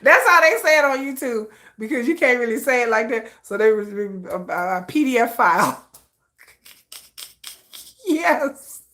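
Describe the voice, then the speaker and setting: Giggly, teasing woman streamer with a high voice. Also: expressive, measured pace, pushed and bright. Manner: giggly, teasing, laughs often. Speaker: livestream host. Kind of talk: casual livestream chat.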